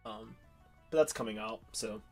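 A man's voice: on the low side, normal speed, gravelly, darkish tone. Young guy from pittsburgh rambling on a podcast, lots of ums, faint music behind. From Pittsburgh area. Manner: rambling, many ums and restarts. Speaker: podcast co-host. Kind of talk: casual chat.

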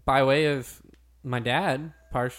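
A man's voice: mid-range voice, steady tone, slow, a bit bright. A man hosting a podcast in casual chat, joking around and riffing on silly bits. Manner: jokey, goofs around with bits and laughter. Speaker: podcast host.

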